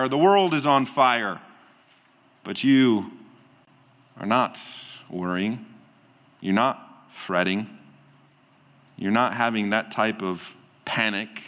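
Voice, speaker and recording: A man preaching as a pastor, calm and earnest, often easing into soft, slow endings. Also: mid-range voice. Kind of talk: sermon. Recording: long hall reverb.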